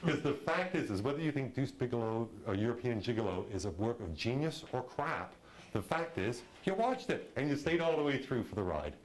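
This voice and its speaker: A man giving a lively lecture on film directing, chatty and full of "you know" and "okay", acting out audience reactions with sudden jumps in his voice. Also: mid-range voice, fairly quick, hardly any pauses, rough recording. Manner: animated, acts out audience reactions in a raised voice.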